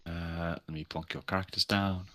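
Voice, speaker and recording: Man, game master, deep voice, bright tone, dry sound, casual and sweary. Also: steady tone, moderate pace, dry recording. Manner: casual, swears freely while fiddling with the map. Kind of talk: running an online tabletop game.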